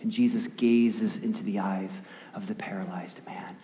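A male pastor giving a sermon, telling a story vividly and often dropping to a hushed near-whisper, with casual questions to the listeners. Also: on the low side, fairly even intonation, moderate pace, a little hiss or hum. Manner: conversational, asks the audience questions. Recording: echoey hall with long reverb.

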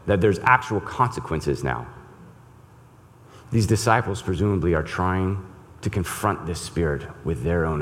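A man's voice: sits low, slight background noise. A pastor reading scripture and then preaching, earnest and emphatic, often repeating words as he builds a point. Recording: long reverb in a large hall.

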